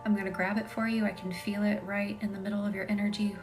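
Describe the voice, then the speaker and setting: A woman leading a live energy-healing session, calmly guiding affirmations, slipping into soft whispers and chatting with viewers from home. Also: medium pitch, fast talker. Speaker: Reiki healer. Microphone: phone on a live stream. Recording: music playing behind.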